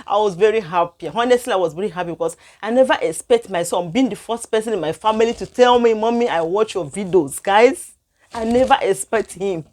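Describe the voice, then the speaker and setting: A young woman vlogger telling a personal story to her viewers in non-standard English, emotional and animated. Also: medium pitch, normal speed. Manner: animated, emotional retelling with frequent laughs and sighs.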